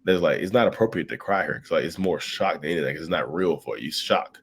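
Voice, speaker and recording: With an extremely low, gravelly, husky voice, a man co-hosts a live stream, speaking fast, casually and animatedly. He reads out viewer comments and frequently repeats words as he hunts for the right ones.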